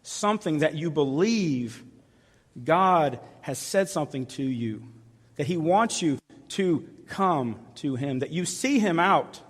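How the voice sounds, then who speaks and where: A male pastor delivers an earnest sermon in a slightly higher voice. He repeats his appeals and often drops to a soft, hushed delivery. The sound carries a long reverb from a large church hall. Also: lively intonation, takes it slowly.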